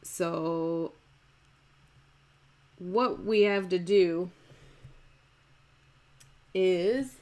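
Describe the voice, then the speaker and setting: Female teacher, lower pitch, slow and explanatory, live-stream lesson. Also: a little mellow, a little hiss or hum. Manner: unhurried, explanatory, with fillers and restarts. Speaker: acting teacher.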